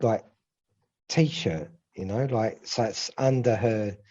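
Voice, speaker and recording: A man's voice: on the low side, takes it slowly, dark tone. A man co-hosting a podcast in casual chat, rambling and repeating himself, with the odd swear. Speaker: podcast co-host. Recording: slightly dull lo-fi audio.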